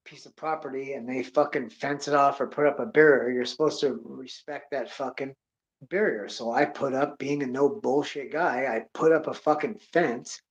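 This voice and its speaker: A man's voice: medium pitch, steady tone, moderate pace. A man telling a rambling, profane story in a blunt, heavily swearing way. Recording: dull lo-fi audio.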